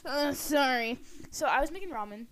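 A woman's voice: high-pitched, expressive, moderate pace, fairly bright tone. A young woman co-hosting a podcast, telling a story in casual chat, often laughing and restarting. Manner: laughing, self-interrupting storytelling. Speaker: podcast co-host.

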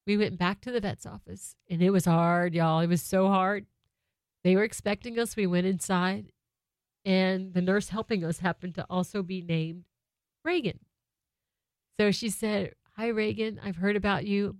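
A woman's voice: mid-range voice, no echo. A woman in her thirties telling a heartfelt personal story about her family in a conversational way, close to a microphone. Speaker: mother sharing a family story.

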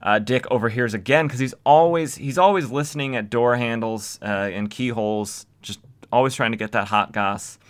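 A man's voice: mid-range voice, normal speed. A young man casually recapping old comics as a podcast host, with wry, sarcastic asides.

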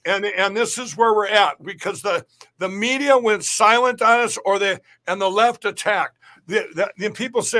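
A man's voice: high voice, moderate pace, bright, forceful tone. A middle-aged man talking as a guest in a podcast interview, rambling and emphatic, often restarting his sentences.

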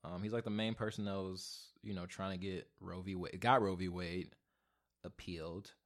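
Solo podcast host, man in his twenties, low voice, rambling and profane, goes from mumbling to loud ranting. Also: fairly even intonation, moderate pace. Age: 20s. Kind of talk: casual solo podcast rant. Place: home, alone.

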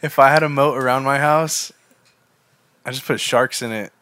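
A young man co-hosting a casual podcast, relaxed and joking, laughing easily. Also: mid-range voice, moderate pace, clean tone, dry recording. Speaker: podcast co-host. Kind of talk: casual chat.

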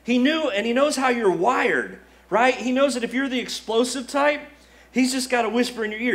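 High-voiced pastor preaching conversationally. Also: male voice, normal speed. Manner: conversational and lively, acting out quotes, frequent "like". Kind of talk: sermon.

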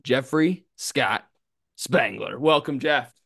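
A man's voice: mid-range voice, creaky, fairly bright tone, dry recording, studio quality. A young man who is the interim host of a podcast, teasing his guest in a playful way and drawing out his words. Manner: playful, teasing, drawn-out delivery. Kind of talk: casual podcast hosting.

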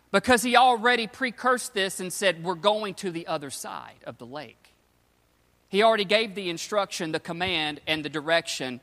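A man preaching with a high, bright, forceful voice, telling the story in loose everyday slang. His words ring out with a long reverb, as in a large hall. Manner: casual storytelling, slangy paraphrase of scripture. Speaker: pastor. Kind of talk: sermon.

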